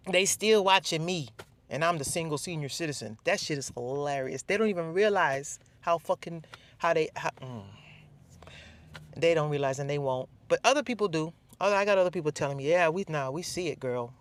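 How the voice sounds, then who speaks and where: A woman ranting casually on her vlog, profane and mocking, laughing at the people she talks about. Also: fairly low pitch. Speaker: vlogger.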